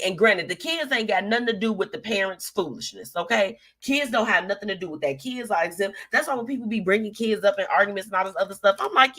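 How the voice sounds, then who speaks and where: A woman's voice: mid-range voice, lively intonation, quick pace, hardly any pauses, fairly bright tone. A young woman hosting a live show, chatting casually and sassily while reading out viewer comments, with lots of slang and laughter.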